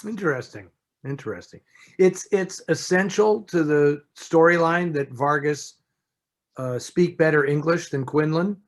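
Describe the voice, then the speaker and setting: A man answering listener questions as a film expert in a relaxed, conversational way, often restarting and saying "you know". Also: on the high side, unhurried. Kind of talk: casual chat.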